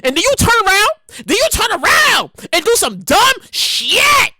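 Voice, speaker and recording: A woman podcast host giving comedic news commentary in an animated, exclaiming way, often repeating herself. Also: very high voice, moderate pace, few pauses, no echo.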